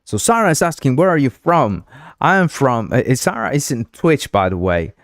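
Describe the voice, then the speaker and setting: A man from Uruguay chats on his livestream at a mid pitch, rambling, joking and laughing as he goes. He stumbles and restarts his sentences often. His voice sounds dry and close, with no room around it. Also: wildly swooping pitch, brisk, a bit bright, no room sound. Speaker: livestream host. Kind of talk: casual livestream chat.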